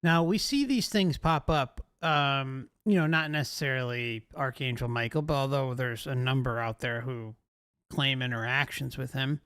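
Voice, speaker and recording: A man's voice: mid-range voice, normal speed, fairly bright tone, clear, resonant tone, dry recording, clean studio sound. A male host giving emphatic commentary, often asking rhetorical questions.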